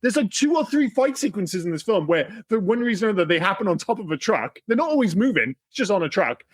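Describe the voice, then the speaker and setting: A man's voice: high voice, very animated, quick pace. A man co-hosting a podcast, talking animatedly about a film, swearing freely and acting out lines. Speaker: podcast co-host. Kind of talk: casual film-review chat.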